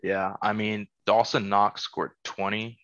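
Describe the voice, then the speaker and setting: A man's voice: on the low side, flat delivery, a little slow, fairly bright tone, muffled recording, slight background noise. A man hosting a casual podcast, reading off fantasy football scores and teasing his friends. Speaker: podcast host.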